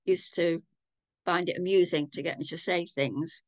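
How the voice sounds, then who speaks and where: An older woman with a Manchester accent, giving a thoughtful, measured personal account on a video call. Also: lowish voice, fairly even intonation, no echo. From England. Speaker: community participant.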